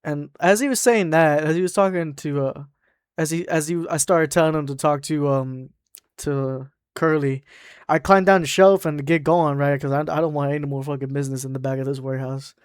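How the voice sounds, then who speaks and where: A man's voice: fairly high pitch, steady tone, fairly quick, smooth, no room sound, clean studio sound. A man from Mexico telling a work story in a rambling, profane way, full of "like" fillers. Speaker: storytime vlogger. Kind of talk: casual storytime narration.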